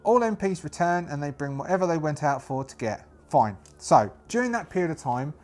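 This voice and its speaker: A man's voice: fairly high pitch, very animated, fairly quick, a little mellow. A man narrating a solo tabletop role-playing game, thinking aloud in a rambling way with many restarts.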